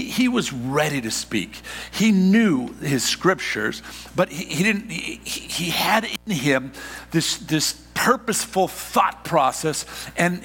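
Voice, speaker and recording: A middle-aged male pastor delivers a lively sermon with a bright, forceful voice that sits a little high. He preaches in bursts, stumbling over repeated words as he drives his points home. A long hall reverb trails behind him. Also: husky. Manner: animated, exclamatory preaching with repeated stammers.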